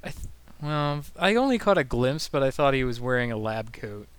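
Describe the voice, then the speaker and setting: A man in a casual chat as a podcast co-host, curious and quick with follow-up questions. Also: medium pitch, sing-song, clear, resonant tone, no echo.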